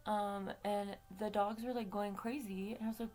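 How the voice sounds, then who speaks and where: A woman's voice: medium pitch, little pitch movement, normal speed, darkish tone. Woman vlogger, casual rambling story, salty language, mid-range voice. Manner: chatty, swears freely, many fillers. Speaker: vlog host.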